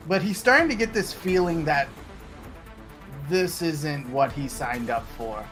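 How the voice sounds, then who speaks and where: A man's voice: on the high side, lively intonation, measured pace, a bit bright, faint music behind. A man playing a tabletop game, hesitantly describing what his character does. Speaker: player.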